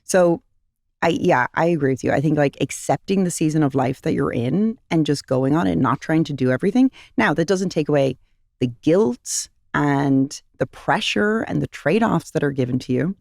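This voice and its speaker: Earnest woman with a gravelly voice. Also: low voice, lively intonation, normal speed, a little mellow, dry recording, clean studio sound. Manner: earnest, heartfelt, repeats phrases for emphasis. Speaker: company founder and guest. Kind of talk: podcast interview, personal storytelling.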